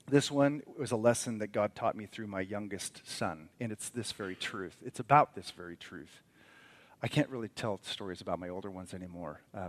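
A middle-aged man preaching as a pastor, telling a family story that moves from quiet reflection to emphatic preaching. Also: lowish voice. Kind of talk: sermon.

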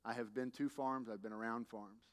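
A man's voice: mid-range voice, fairly even intonation, a little fast. Man, pastor, conversational sermon, humorous stories, emphatic peaks, long church-hall reverb. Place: church sanctuary.

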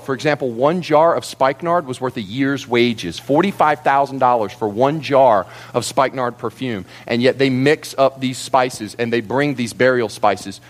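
A man preaching a sermon to a congregation, telling the story in an animated, theatrical way. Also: mid-range voice. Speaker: pastor.

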